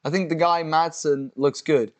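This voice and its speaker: A young American man, a little higher-pitched than most, reads viewer messages off a live chat. He fires back casual, profane answers and keeps breaking into high, squealing disbelief. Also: steady tone, moderate pace. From United States. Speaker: livestream co-host reading chat. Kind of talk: casual watch-along chat.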